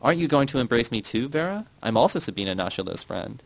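A man reading the lines of an excitable woman hostess who exclaims often, in an audiobook. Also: mid-range voice, quick pace, vocal fry, no room sound. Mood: exclaiming.

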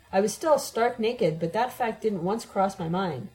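A woman's voice: medium pitch, moderate pace, few pauses, dark tone, rough recording. A woman giving an emotionally charged, dramatic first-person audiobook narration.

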